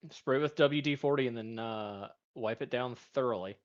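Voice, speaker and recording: A man chatting casually with a friend over a call, calm and practical, with dry humor. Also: medium pitch, normal speed, lo-fi sound. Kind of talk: casual chat.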